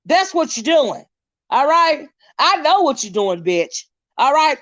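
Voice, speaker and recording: Her high voice has a sing-song lilt and a fairly bright tone, and she keeps a measured pace. The speaker, an American woman hosting her own channel, gives an angry, profane, confrontational rant with insults repeated throughout.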